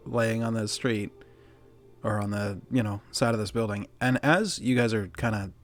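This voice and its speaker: Male game master, casual, rambling narration. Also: fairly low pitch. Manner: relaxed, filler-heavy narration.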